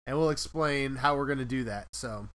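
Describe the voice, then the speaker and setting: A man's voice: medium pitch, moderate pace, a bit bright. A man hosting a podcast, chatting casually and rambling a little as he laughs at himself. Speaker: podcast host.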